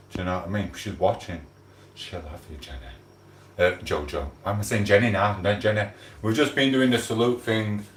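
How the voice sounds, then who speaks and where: Male streamer, casual rambling chat with viewers, low-pitched, echoey home room. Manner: chatty, greets viewers by name, rambling. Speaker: livestream host.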